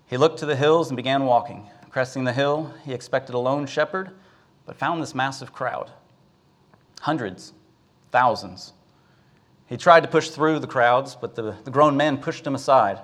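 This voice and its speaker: A man's voice: mid-range voice, fairly bright tone. A male preacher gives a sermon, telling a Bible story with some filler words.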